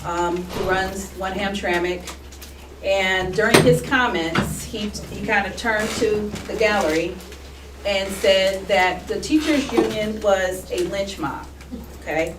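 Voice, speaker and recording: Woman making a pointed public comment, measured, lots of room noise, echoey. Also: mid-range voice, distant mic.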